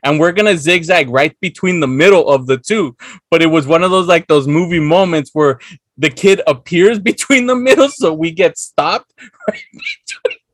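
A man's voice: fairly high pitch, lively intonation, normal speed, no echo. A young man hosting a podcast, telling rambling anecdotes in casual chat and laughing often. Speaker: podcast host.

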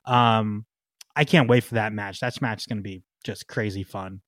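A man co-hosting a podcast in casual chat, excitable, laughing often and trailing off with ums. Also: fairly low pitch, moderate pace, no room sound, studio quality. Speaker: podcast co-host.

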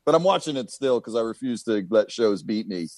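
A man co-hosting a casual chat, talking in a rambling, profane, animated way. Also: lowish voice, brisk, dry recording.

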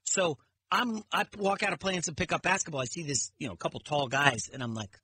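A man's voice: on the high side, brisk, a little hiss or hum. A middle-aged man guest-hosting sports talk radio, telling stories animatedly and acting out quotes. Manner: animated storyteller, acts out quotes.

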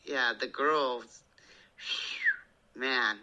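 A man in his thirties chatting casually as a podcast guest, an animated storyteller who slips into playful voices. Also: mid-range voice, drawn-out words, highs cut off.

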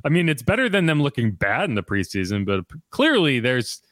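A man's voice: medium pitch, huge pitch swings, brisk, a bit bright, no echo, clean studio sound. A man hosting a sports podcast, talking loosely and conversationally with frequent restarts. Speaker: podcast host and sports reporter. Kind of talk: casual sports podcast chat.

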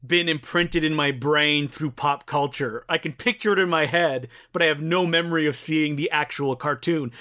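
A man with a fairly high voice, co-hosting a relaxed podcast. Easygoing and chatty, he laughs readily as he talks through cartoon history. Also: normal speed, few pauses. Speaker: podcast co-host. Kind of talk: casual film-discussion chat.

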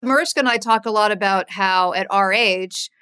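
A woman's voice: medium pitch, normal speed, bright, forceful tone, smooth. A woman hosting a podcast, talking bluntly and frankly in a casual chat. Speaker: podcast host.

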